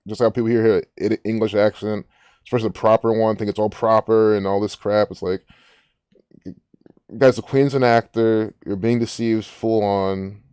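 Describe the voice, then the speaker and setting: A man's voice: on the low side, darkish tone, clear, resonant tone, no echo, clean studio sound. A man hosting a casual commentary, rambling and musing aloud with frequent restarts. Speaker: gematria channel host.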